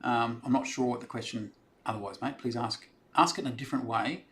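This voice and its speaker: A man's voice: mid-range voice, fairly even intonation, fairly quick, fairly bright tone. An Australian man hosting a live stream, casually chatting and answering viewer questions in a rambling, friendly way. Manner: chatty, rambling, reads out comments and answers them.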